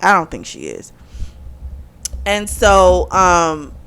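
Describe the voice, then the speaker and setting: A woman's voice: fairly low pitch, big pitch swings, slow, creaky, a bit bright, smooth. A woman hosting a book club channel, casually recapping a novel and acting out the characters' lines with frequent fillers. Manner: chatty, retells scenes with quoted dialogue and laughs.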